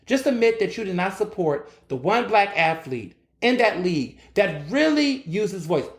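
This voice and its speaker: A man's voice: high voice, very animated, moderate pace, reverberant. A man hosting his own solo podcast, ranting bluntly and with plenty of profanity. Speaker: podcast host. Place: recording in Philadelphia.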